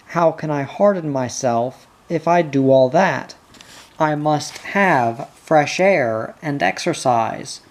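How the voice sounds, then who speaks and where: A reader voicing an eighteen-year-old prince who talks in a proud, intense and resentful way. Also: male voice, fairly high pitch, darkish tone. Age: teens.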